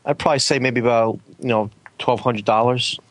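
A man's voice: mid-range voice, steady tone, a little fast, no room sound. A man co-hosting a casual chat, answering in short, blunt remarks. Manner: laconic, blunt.

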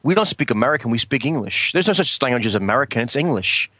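A man co-hosting a comedy podcast, deadpan and stubborn, talking in affected broken grammar. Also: mid-range voice, fast, breathy edge, dry recording. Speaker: podcast co-host.

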